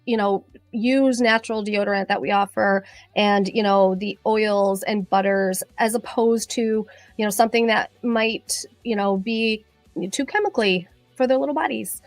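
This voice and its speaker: A woman's voice: medium pitch, moderate pace, no echo, soft background music. Chatty woman with a dry sound. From Michigan. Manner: chatty and excitable, rambling with many fillers. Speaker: cosmetologist hosting a live stream. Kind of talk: casual live-stream chat.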